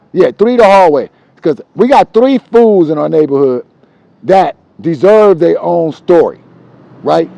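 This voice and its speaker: A man telling street stories from his childhood in a casual, profane, animated way, repeating himself for emphasis. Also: high voice, creaky, dry recording, low-quality recording. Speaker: storyteller.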